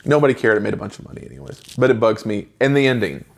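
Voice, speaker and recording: A man's voice: medium pitch, vocal fry. A man in his forties giving an opinionated, ranting movie review in casual chat with a co-host. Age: 40s. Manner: opinionated, ranting with quick asides.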